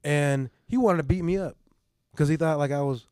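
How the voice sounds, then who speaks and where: Animated, swearing middle-aged storyteller man. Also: fairly high pitch, normal speed, smooth, dry recording, studio quality. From Mexican heritage. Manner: animated, swearing, frequent "you know what I mean". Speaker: podcast host. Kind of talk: casual storytelling.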